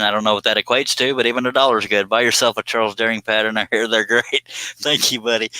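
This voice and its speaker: A man's voice: fairly low pitch, pushed and bright, clear, resonant tone, no room sound. A man hosting a woodworking live stream in casual chat, reading out viewer comments, joking and teasing, often laughing.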